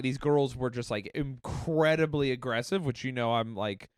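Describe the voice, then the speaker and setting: A man's voice: mid-range voice, normal speed, hardly any pauses, clear, resonant tone, no echo. A man in his thirties, a comedian co-hosting a podcast, telling crude stories casually and acting out the voices of the people in them. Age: 30s. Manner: animated, acts out quoted voices, laughs often.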